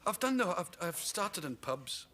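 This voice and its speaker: A Scottish man, a comedian guest in his thirties, tells animated talk-show anecdotes in a TV studio and laughs through his punchlines. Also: high voice, a little slow. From Scotland. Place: TV studio with audience.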